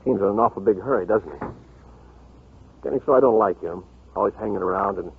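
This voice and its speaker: A gravelly, folksy rancher. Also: male voice, fairly low pitch, brisk, a little hiss or hum. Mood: concerned. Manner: cheerful and folksy. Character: simple, good-natured rancher from Montana. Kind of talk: 1940s radio acting. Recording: dull lo-fi old radio broadcast.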